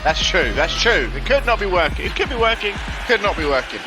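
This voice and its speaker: A man's voice: high voice, sing-song, fairly quick, rough recording. A young man commentating a wrestling game live on a stream, chatty and greeting viewers between calls. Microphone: laptop mic. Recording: music playing behind. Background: music.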